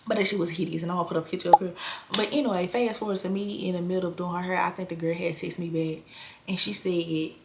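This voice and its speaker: A young woman telling a storytime vlog, blunt and animated, swearing freely in casual slang. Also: fairly low pitch, fast talker, creaky, noisy background.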